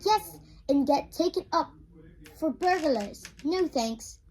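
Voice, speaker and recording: Woman doing a bright British-accented young girl. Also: high-pitched, animated, a little hiss or hum, voice pushed up, poor audio. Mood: wry. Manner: put-on British accent, halting and repeating. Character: sensible, bold young English girl. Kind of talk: storybook read-aloud.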